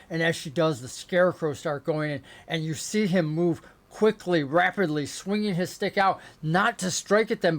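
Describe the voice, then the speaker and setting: A man narrating as game master of a remote tabletop game, descriptive and rising into excited action narration. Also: fairly high pitch, moderate pace, few pauses. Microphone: remote call setup.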